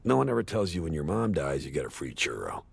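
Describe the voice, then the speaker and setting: A man's voice: a bass voice, very animated, fast, vocal fry, husky, dry recording, exaggerated voice. A man playing a sardonic, washed-up male horse actor who rambles through a eulogy with awkward, sarcastic jokes. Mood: wry. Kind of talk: comedic eulogy monologue.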